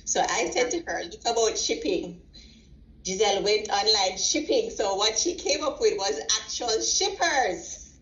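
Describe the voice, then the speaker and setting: Woman, proud parent guest, tells animated stories and acts out the quotes, recorded in a roomy space with dull audio. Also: medium pitch, unhurried. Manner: animated storyteller acting out quotes. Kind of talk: casual interview. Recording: roomy, slightly dull sound.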